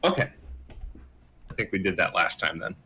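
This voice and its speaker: A man's voice: deep voice, expressive, normal speed, sharp tone, husky. A man playing in a tabletop game, chatting casually and checking details with the group.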